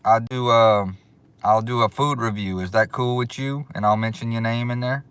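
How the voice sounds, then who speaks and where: A man hosting a casual livestream, excitable and drawling as he thanks his viewers over and over. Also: medium pitch, fairly quick, smooth, no echo. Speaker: livestream host. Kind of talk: casual live chat. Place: outdoors.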